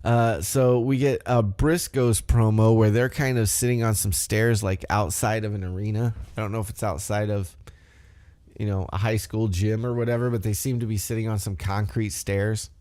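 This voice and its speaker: A man's voice: fairly low pitch, fairly even intonation, normal speed, warm tone, no room sound. A man hosting a podcast, recapping a show in a rambling, conversational way. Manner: rambling, conversational, loose storytelling. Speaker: podcast host. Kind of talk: casual wrestling recap.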